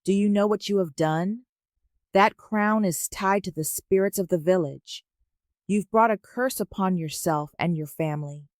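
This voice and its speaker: A woman voicing a calm, stern old male prophet in a folktale, speaking low and grave. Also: normal speed, no echo, clean studio sound, close to an everyday voice.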